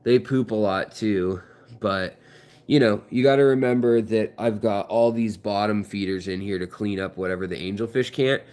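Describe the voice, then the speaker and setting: A man's voice: lowish voice, moderate pace, darkish tone. A man hosting an aquarium channel, chatting casually and rambling to the camera beside his fish tanks at home, with lots of fillers and jokes. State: out of breath.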